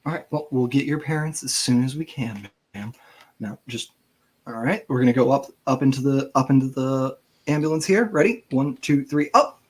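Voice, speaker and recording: A man playing a calm male paramedic who speaks in a soothing, businesslike way. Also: mid-range voice, moderate pace, husky, natural voice. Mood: reassuring.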